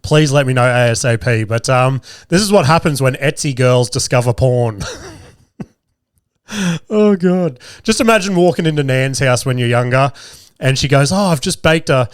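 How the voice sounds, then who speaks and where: A man's voice: medium pitch, animated, normal speed, smooth, no echo. Male podcast host in his 30s, rambling, crude humor, a little stuffy-nosed, dry close recording. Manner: profane, rambling, jokey. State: getting over a cold, a bit nasal. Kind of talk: casual comedic podcast chat.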